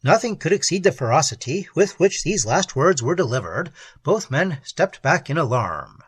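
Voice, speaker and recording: Male audiobook narrator, measured storytelling, slightly husky, animated delivery. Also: on the high side, no room sound.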